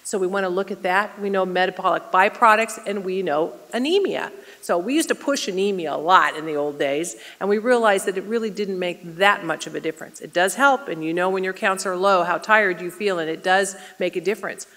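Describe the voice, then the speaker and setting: A woman's voice: mid-range voice, a little fast, hardly any pauses, fairly bright tone. A middle-aged woman, a nurse presenter, giving a conversational health lecture and asking the audience questions. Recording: reverberant hall.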